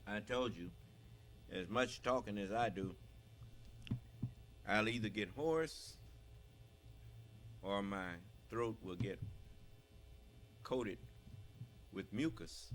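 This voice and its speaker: A man preaching on a live broadcast, speaking loudly and climbing into fervent shouting, pausing now and then to clear his throat. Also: on the low side, slight background noise. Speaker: religious leader.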